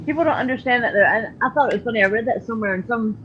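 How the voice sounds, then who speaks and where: A woman's voice: on the high side, rapid-fire, a bit bright. A woman calling in to a casual chat, speaking frankly and plainly. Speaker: guest caller. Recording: dull lo-fi call audio with faint noise.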